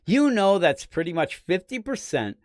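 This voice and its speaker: A man hosting a podcast, talking casually about comics in an animated, rambling way with frequent laughs. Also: sits high, moderate pace, no room sound, clean studio sound. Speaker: podcast host. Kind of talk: casual comic book chat.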